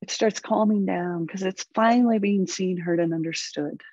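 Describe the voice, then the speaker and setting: A woman's voice: mid-range voice, moderate pace, dry recording. Earnest woman therapist, dry dull sound. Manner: earnest, animated, acts out inner dialogue. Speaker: therapist and parent coach. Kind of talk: conversational interview.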